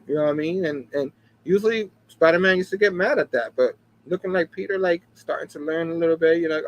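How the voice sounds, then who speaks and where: A man hosting a casual comic book talk show, chatty and animated, often laughing and asking "you know what I mean". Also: a little high, fast talker. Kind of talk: casual chat.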